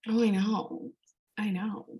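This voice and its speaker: A young woman from California, chatting casually and telling an animated story, swearing and laughing often. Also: medium pitch, slow pace, low-quality recording. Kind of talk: casual chat.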